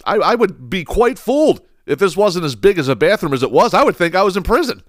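A man's voice: sits high, a little fast, no room sound, studio quality. A man telling a story in a casual comedic podcast rant, swearing often and repeating words as he goes. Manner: animated, profane ranting with frequent restarts. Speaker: podcast host.

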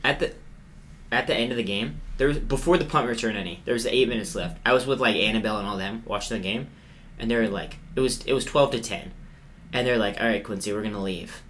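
Young man, casual sports chat, sarcastic and lively, medium pitch, faint background noise. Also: fast talker. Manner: animated, sarcastic storyteller with self-mocking gloom. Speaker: podcast co-host.

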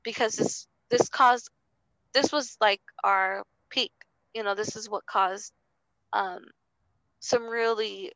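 Creaky young woman recounting her story. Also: medium pitch, fairly even intonation, a bit bright, no room sound, rough recording. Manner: halting, full of fillers and restarts, earnest. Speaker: interview guest. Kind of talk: personal testimony in conversation.

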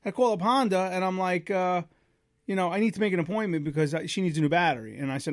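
A man in his thirties co-hosting a podcast, telling a story casually and acting out the voices loudly. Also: on the high side, fast, no room sound, clean studio sound. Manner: animated, acts out quoted voices loudly. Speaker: podcast co-host.

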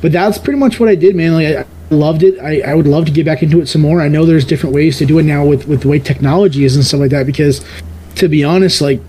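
A man's voice: a little high, fast talker, warm tone, slight background noise, rough recording. Rambling man with a subtle New York accent. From New York area, outside the city. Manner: rambling, with frequent restarts and "man". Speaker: podcast guest. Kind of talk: casual chat.

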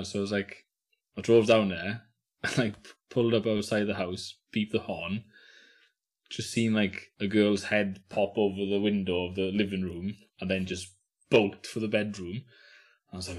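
A man in his thirties chatting casually on a podcast, telling stories with swearing and lively imitated quotes. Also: fairly low pitch, normal speed. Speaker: podcast guest. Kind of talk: casual chat.

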